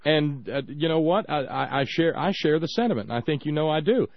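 A man hosting a talk radio show, speaking in a halting, conversational way and often repeating his words. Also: on the high side, expressive, creaky, no room sound, lo-fi sound. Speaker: radio host.

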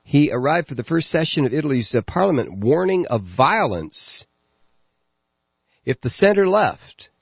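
A man hosting a political talk radio show, delivering a sarcastic commentary monologue with frequent halting fillers. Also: on the high side, sing-song, gravelly, slightly rough, dry recording, highs cut off.

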